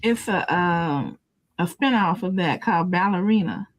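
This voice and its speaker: A woman's voice: fairly low pitch, expressive, measured pace. A middle-aged woman in a casual stream chat, telling about her day and giving homey relationship advice. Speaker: guest on a call-in stream.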